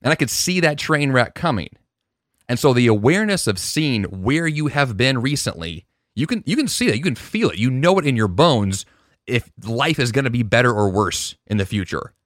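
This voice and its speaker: A man talks through his podcast alone, earnest and reflective, often backing up and restarting a thought. His voice sits in a middle pitch. The sound is dry and close, with no room around it. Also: very animated, moderate pace, no room sound. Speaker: podcast host. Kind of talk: casual solo podcast monologue.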